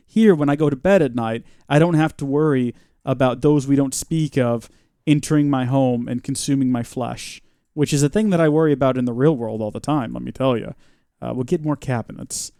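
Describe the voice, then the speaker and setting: A man's voice: mid-range voice, darkish tone, no echo, studio quality. A man giving chatty, joking live gameplay commentary and reading out viewer comments. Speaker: streamer.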